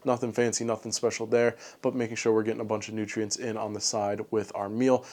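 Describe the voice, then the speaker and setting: A man's voice: fairly low pitch, little pitch movement, darkish tone. A man giving a casual late-night vlog recap of his day, rambling with lots of fillers and ending with upbeat encouragement. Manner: talking a little fast late at night. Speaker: fitness vlogger.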